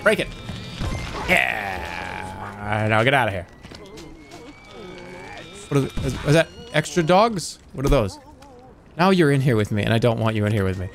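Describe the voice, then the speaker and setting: Goofy excitable male streamer. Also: mid-range voice, brisk, long pauses, faint music behind. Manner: goofy, excitable, with sudden yelps. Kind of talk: live gameplay commentary.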